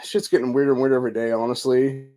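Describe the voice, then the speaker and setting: A man's voice: medium pitch, flat delivery, rapid-fire, warm tone. A man hosting a political podcast, talking in a rambling, profane way, full of fillers like "dude" and "bro". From Ohio. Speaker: podcast host. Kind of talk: casual political commentary.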